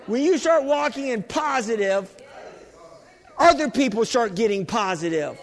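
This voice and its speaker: A man with a very high voice preaches a sermon, urging his listeners on with repeated phrases and frequent restarts. His voice rings out in a hall with a long reverb tail. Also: animated, unhurried. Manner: exhorting, repetitive, with many restarts. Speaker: pastor.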